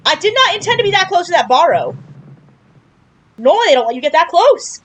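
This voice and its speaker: High, lively-voiced woman narrating a playthrough. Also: fast talker, low-quality recording. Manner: chatty, playful, jokey, exclaims at surprises. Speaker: video game streamer. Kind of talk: casual game playthrough commentary.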